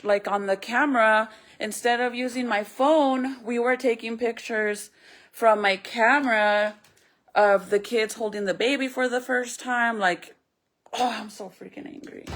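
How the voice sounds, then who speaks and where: A young woman at home talks casually to her vlog audience, venting in a sad way and sometimes coming close to tears. Her voice is on the high side and a bit bright, with slight background noise.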